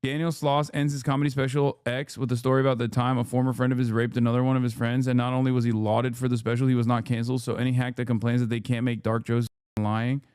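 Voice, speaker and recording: A man's voice: medium pitch, darkish tone, clear, resonant tone, no echo, studio quality. A man giving emphatic, profane reaction commentary on a live stream, repeating points for emphasis.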